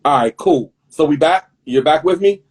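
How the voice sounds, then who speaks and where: A man's voice: a little high, normal speed. A man hosting a live online interview over a video call, talkative and prone to repeating words as he rephrases his questions. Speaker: host. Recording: husky video-call audio that drops out.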